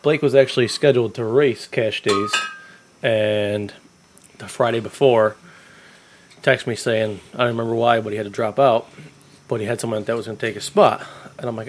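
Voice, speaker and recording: A man's voice: medium pitch, fairly even intonation, normal speed. Profane man telling race stories. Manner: profane storytelling, acts out phone calls. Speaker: podcast co-host, race organizer. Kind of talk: casual chat.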